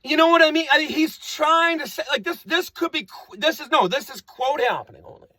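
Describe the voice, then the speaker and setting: A man's voice: extremely high pitch, brisk, pushed and bright, no room sound. A man rambling through an improvised comic monologue, repeating himself with playful wordplay.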